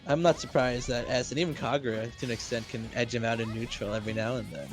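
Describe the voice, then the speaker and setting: A man's voice: medium pitch, steady tone, fast, music in the background. A man doing play-by-play commentary on a fighting game tournament, breaking down plays analytically and speeding up when he explains. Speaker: esports commentator.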